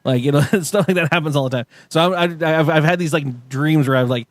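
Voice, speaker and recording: A man's voice: fairly high pitch, brisk, dry recording. A man telling stories on a casual podcast, rambling with many fillers and restarts and laughing often. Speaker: podcast co-host.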